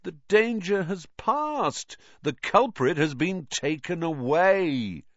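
A man voicing a vain, cheery male teacher who talks slowly and condescendingly. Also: fairly low pitch, very animated, no room sound, dull audio, full character voice. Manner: slow, patronizing, self-satisfied.

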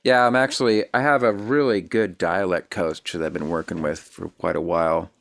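A man hosting a casual interview, chatty and eager, with quick asides. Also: low voice, fairly even intonation, gravelly, a bit bright, no echo. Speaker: interview host.

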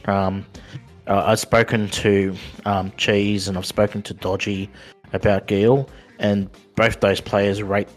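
Man, casual podcast chat, lowish pitch, stop-start delivery. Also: level tone, slow, faint music behind. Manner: hesitant, many restarts and ums. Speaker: podcast co-host.

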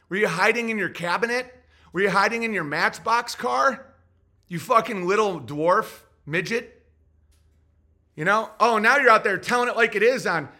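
A man's voice: high-pitched, sharp tone. A man hosting a podcast, ranting in a sarcastic, profane, mocking way. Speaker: podcast host. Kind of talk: podcast rant.

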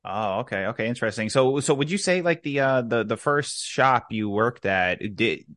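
A podcast host asks halting questions full of restarts. She has an extremely low voice, and it sounds dry and close, with no room echo. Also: lively intonation. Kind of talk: casual interview.

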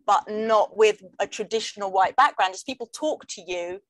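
A middle-aged English woman, a comedian, talking in a wry, jokey way with quick asides in casual conversation. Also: medium pitch, fairly bright tone, dry recording, low-quality recording. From England. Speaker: comedian guest. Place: London.

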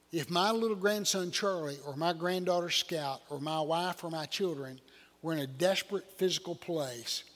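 An older man, a pastor, delivers a folksy sermon to his congregation, packed with rhetorical questions. His voice is a little high and fairly bright, with church hall reverb around it.

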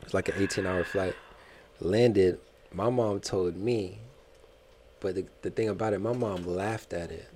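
A man on a podcast, casually telling a story in a slangy, animated way and laughing often. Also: low-pitched, unhurried, a little hiss or hum. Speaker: podcast cast member.

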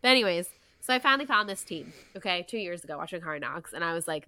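Bright-voiced chatty young woman, lilt. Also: lowish voice, fast talker, few pauses. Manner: chatty and animated, many "like" and "you know" fillers. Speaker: podcast co-host. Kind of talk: casual chat.

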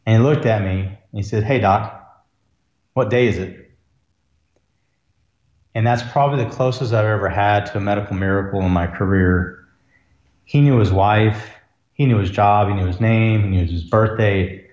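Man, low voice, earnest reflective storyteller; roomy, dull lo-fi recording. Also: steady tone, brisk, darkish tone. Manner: earnest, reflective, emotional at times. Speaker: ER physician, podcast guest. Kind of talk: conversational storytelling.

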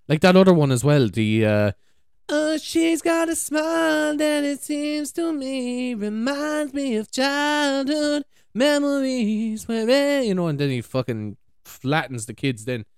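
A man's voice: medium pitch, a little mellow, clear, resonant tone, no echo, clean studio sound. An Irish man hosting a show, chatting casually in a rambling, sweary way and laughing easily. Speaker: podcast host. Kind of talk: casual chat.

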